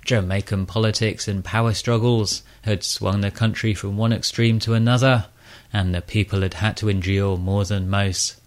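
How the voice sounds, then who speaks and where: A man presenting a radio show, reading scripted narration in a measured, informative storytelling manner. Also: fairly low pitch, fairly even intonation.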